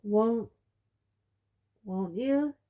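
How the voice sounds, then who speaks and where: A woman's voice: on the high side, very slow, dark tone, lo-fi sound, pitched above the performer's own voice. Woman voicing a touchy teenage boy. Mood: heated.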